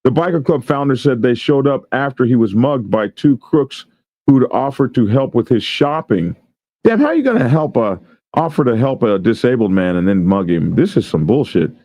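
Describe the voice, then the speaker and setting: Warm and mid-range, this male host's voice moves at a normal speed with no echo. He reads the news out loud, jokes about each item, and laughs a lot in his casual commentary.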